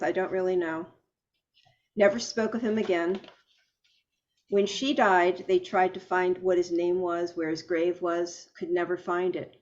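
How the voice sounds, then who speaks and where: A woman hosting an interview, thoughtful and personal, speaking in a slightly halting way. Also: on the low side. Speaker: podcast host. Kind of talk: reflective interview talk. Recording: dull lo-fi audio.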